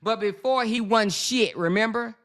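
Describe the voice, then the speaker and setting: Bright, blunt ranting woman vlogger. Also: fairly high pitch, normal speed. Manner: blunt, profane, mocking. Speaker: vlogger host. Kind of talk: casual ranting commentary.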